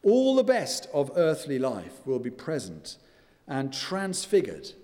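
An older man preaching a sermon as pastor, earnest and measured, letting his voice fall softly at the ends of phrases. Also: mid-range voice, wildly swooping pitch. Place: church. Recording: reverberant church hall.

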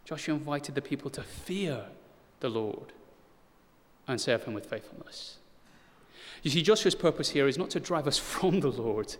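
A man's voice: mid-range voice, animated, moderate pace. A man in his thirties preaching a sermon, earnest and building to urgent emphasis, with touches of self-deprecating humor. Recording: long hall reverb.

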